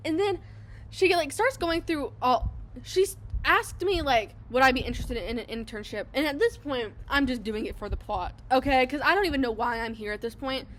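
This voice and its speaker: Speaking briskly in a high voice, a young adult woman hosts a podcast from a public place. She tells a story casually and with animation, voicing what others said as quoted lines.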